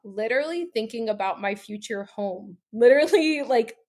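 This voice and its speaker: A woman's voice: a little high, expressive, normal speed, darkish tone. A woman in her thirties telling her story as a podcast guest, chatty and filler-heavy, often laughing as she talks. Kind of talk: casual storytelling interview.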